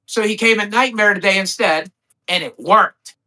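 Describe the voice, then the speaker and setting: A man's voice: high voice, moderate pace, pushed and bright, poor audio. A man co-hosting a live stream, arguing insistently and repeating his questions over and over. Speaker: stream co-host. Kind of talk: heated livestream argument.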